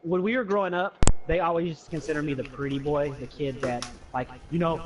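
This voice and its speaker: A young streamer with a fairly high voice tells profane stories while playing a game, talking fairly quickly with few pauses. He's animated and acts out his friends and family when quoting them. The audio sounds recorded from a distance.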